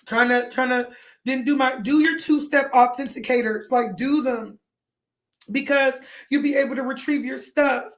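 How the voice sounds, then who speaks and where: High-voiced young woman crying on a livestream. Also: normal speed. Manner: rambling, pleading, keeps apologizing. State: tearful, crying. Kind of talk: emotional livestream talk to viewers.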